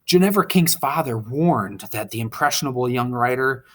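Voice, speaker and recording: Male English teacher lecturing on a manuscript, eager and exclamatory, medium pitch. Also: expressive, normal speed. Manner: enthusiastic, exclaims over details; explains and asks the class questions. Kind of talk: literature lecture walking through manuscript pages.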